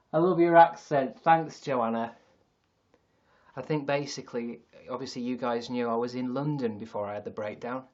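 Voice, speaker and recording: Broadcasting from his sister's attic, this Yorkshire man keeps his livestream casual, rambling and self-deprecating with occasional swearing. He speaks at a moderate pace in a mid-range, darkish voice, and the highs are cut off.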